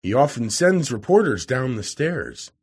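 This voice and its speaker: Storybook: a wry middle-aged editor, voiced by the male narrator; husky, brisk, lively pitch. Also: heavily acted.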